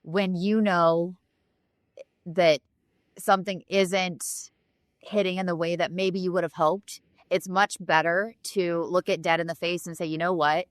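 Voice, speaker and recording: A woman's voice: on the low side, measured pace, no echo, studio quality. Frank, swearing woman co-host. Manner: frank, animated, swears freely. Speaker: podcast co-host. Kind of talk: casual chat. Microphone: remote recording.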